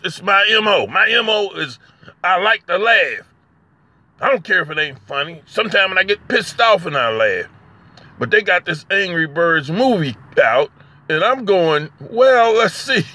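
Sixty-something guy, gravelly and bright, keeps chuckling through his rambling comedy bit. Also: a little high. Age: 60s. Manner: chuckling, rambling, laughs between phrases. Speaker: poet and comedy vlogger. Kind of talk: casual comedic monologue.

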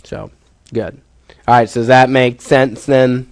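A man's voice: mid-range voice, fairly even intonation, unhurried, no room sound. A male professor giving a classroom lecture, explaining step by step and putting questions to his students.

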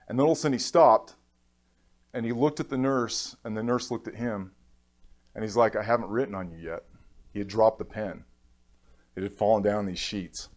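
A man giving a keynote on a conference stage, telling a personal story in a heartfelt, halting way and acting out other people's lines. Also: on the low side. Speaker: keynote speaker. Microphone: stage microphone.

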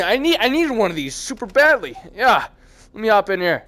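A young man giving joking, excitable commentary while playing a game, trash-talking the characters. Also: high voice, a little fast. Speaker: gaming youtuber. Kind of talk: casual gaming commentary.

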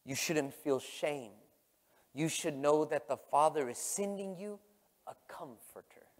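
A man preaching as pastor, impassioned and emotional, with a Texan accent, his voice dropping to a hush and then rising. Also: on the high side, animated, measured pace. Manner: impassioned, swinging from hushed to loud. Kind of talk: emotional sermon. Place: large church sanctuary. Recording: long hall reverb.

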